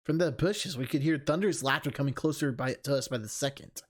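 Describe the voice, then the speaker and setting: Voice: medium pitch, brisk. A streamer reading a game's story aloud and breaking off for chatty, laughing asides. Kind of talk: reading narration with live commentary.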